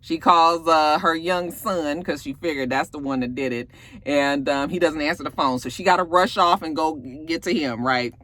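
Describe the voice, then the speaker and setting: A woman giving a casual episode recap, animated and profane, full of sassy asides. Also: sits low, normal speed. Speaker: TV episode reviewer.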